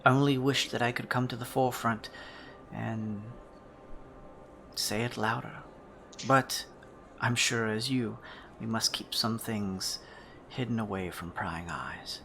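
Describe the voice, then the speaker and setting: A man voicing a sly male jeweler shopkeeper with a gem for an eye, speaking in a hushed, confiding way that often drops to a whisper. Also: mid-range voice, animated, a little slow, slight background noise.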